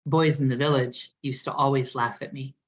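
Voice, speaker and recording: A woman voicing a proud, touchy king ashamed of his warts, who goes high and shrill when angry. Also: steady tone, normal speed. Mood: downcast. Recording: dull lo-fi recording.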